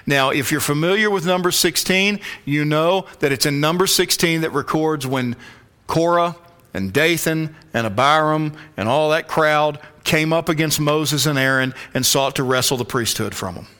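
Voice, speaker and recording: A male pastor preaching an expository sermon, emphatic, sometimes dropping to a hushed whisper for stress. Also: on the high side, normal speed, clear, resonant tone.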